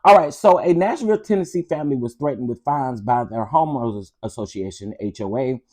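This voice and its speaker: A man's voice: medium pitch, animated, a little fast. A man hosting an online commentary show, ranting emphatically and sassily. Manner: loud, emphatic, sassy.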